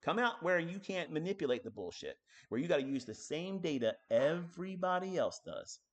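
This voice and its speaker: A man teaching trading on a live stream, ranting in a profane, combative way, swinging between loud outbursts and low muttering. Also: sing-song, normal speed.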